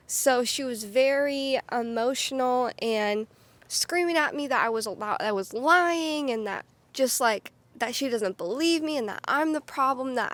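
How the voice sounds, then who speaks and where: A young woman with a fairly high voice tells her own story straight to the camera. She talks casually and candidly, with lots of "like" and restarts. Her pace comes in quick bursts. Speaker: vlogger.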